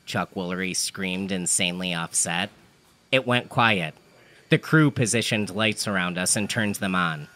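Man narrating deadpan, bright tone. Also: low-pitched, unhurried. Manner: dry, matter-of-fact delivery of absurd events. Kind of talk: deadpan comedic storytelling.

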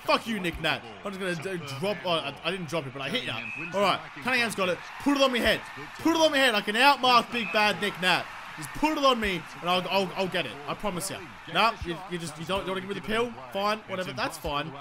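A young Australian man giving excitable, sweary live commentary on a football video game, swinging between mutters and shouts. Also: high voice. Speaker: gaming commentator. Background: crowd noise from the game.

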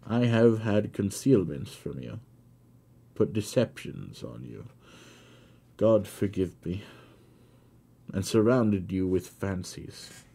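A man reading a classic novel aloud, voicing a gentle old father who pleads as he confesses. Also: on the low side, slow, vocal fry, pauses often, husky, full character voice. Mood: pleading. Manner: pleading, tender.

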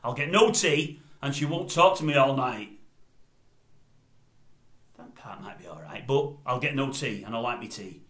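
Older bloke, mid-pitched, digressive vlogger rant, recorded in an echoey room. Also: male voice, lively intonation, normal speed, pauses often, a bit bright. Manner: rambling, digressive, opinionated. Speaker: YouTube commentator. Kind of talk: casual opinion vlog.

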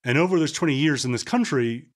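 A middle-aged podcast host from Scotland with a faded Scottish accent mixed with American, talking fast in a solo monologue and sometimes mumbling words. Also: male voice, mid-range voice. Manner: quick talker who sometimes mumbles words.

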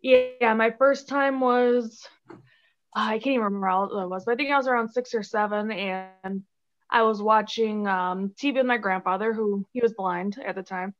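A woman's voice: medium pitch, normal speed, lo-fi sound. A young woman from Chicago, a guest on a podcast, chatting casually and giggling, with many "like"s and "um"s. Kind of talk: casual interview chat.

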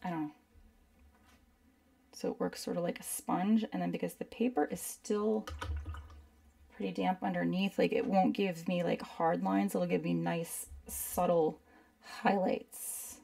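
A woman's voice: fairly low pitch, steady tone, moderate pace, gravelly, long pauses, warm tone, distant mic. A woman teaching a live painting demo at her desk, chatting and rambling to herself as she works. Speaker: art instructor.

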